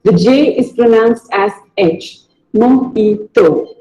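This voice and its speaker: Slow and careful, a high-pitched pronunciation teacher drills each word by repeating it in a video lesson. The tone is dark, the recording is muffled, and his voice rings in an echoey room.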